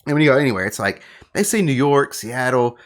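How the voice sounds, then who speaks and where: Southern guy in his 40s or so, talks super fast and animated, voice jumps all over, laughs a lot. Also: mid-range voice. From American South. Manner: animated, laughing, lots of "like" and "you know". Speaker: guest, wine tour guide. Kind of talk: casual storytelling chat.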